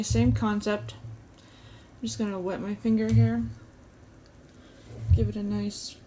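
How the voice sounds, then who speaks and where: Calm woman explaining a craft tutorial. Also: medium pitch, a little hiss or hum. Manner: calm, step-by-step explaining while stitching. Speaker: embroidery channel host.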